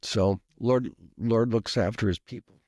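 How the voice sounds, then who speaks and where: Low-voiced minnesota pastor guy rambling through an old story, keeps coughing, dry sound. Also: steady tone, a little slow, warm tone, dry recording. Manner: rambling, with frequent coughs and asides. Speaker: pastor and professor, podcast guest. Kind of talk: conversational storytelling.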